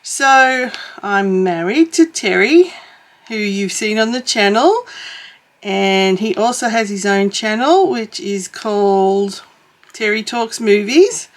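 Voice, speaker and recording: Slow-talking middle-aged Australian woman. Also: medium pitch, animated. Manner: rambling, self-correcting, chuckles as she talks. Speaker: YouTube crafter and vlogger. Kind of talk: casual chat while crafting. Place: home, in a suburb.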